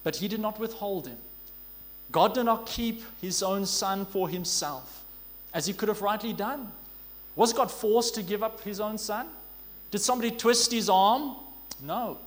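A man preaching a sermon in an earnest way, asking rhetorical questions and drawing out key words slowly. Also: high voice. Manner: earnest, rhetorical questions, slow emphatic stresses. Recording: long hall reverb.

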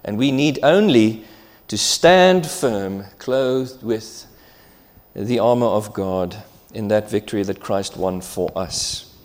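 A man's voice: lowish voice, steady tone, slow, a little mellow, long reverb tail. A man pastor preaching a sermon, emphatic and repeating key phrases for weight.

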